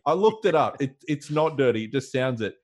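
A man co-hosting a relaxed podcast conversation. He keeps slipping in jokes and laughs through his remarks, with an easy, conversational delivery. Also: mid-range voice, fairly quick. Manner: laughing, joking asides. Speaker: podcast co-host. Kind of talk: casual chat.

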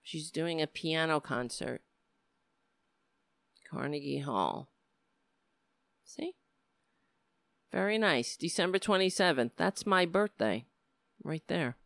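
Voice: medium pitch, expressive, slow pace, vocal fry, long pauses, fairly bright tone, no echo, clean studio sound. A middle-aged livestream host talking straight to viewers, ranting in a heated, profane way and sometimes slipping into easygoing chat. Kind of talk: casual livestream talk.

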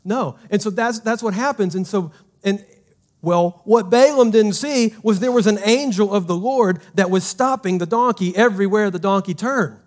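A man preaching a sermon as pastor, emphatic and conversational, swinging from loud to hushed and asking the congregation questions. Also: sits high, moderate pace.

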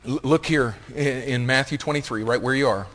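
A man preaching a sermon as pastor, swinging from hushed asides to loud, impassioned reading. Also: medium pitch, fairly quick. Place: church sanctuary. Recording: long reverb of a large hall.

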